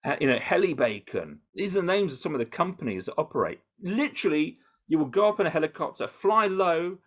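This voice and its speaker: A British man answering interview questions in an animated, conversational way, with frequent restarts and fillers. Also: a little high, a little fast. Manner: animated, full of restarts and "you know". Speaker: campaigner interviewed about undercover research.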